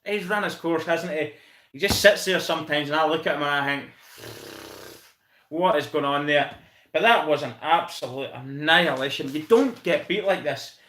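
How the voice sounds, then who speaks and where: A Scottish man chats casually on his live stream, thanking viewers by name and calling them mate. His voice is fairly high for a man, with a bright, forceful edge. It rings in an echoey room. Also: moderate pace. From Scotland. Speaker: channel host reviewing football.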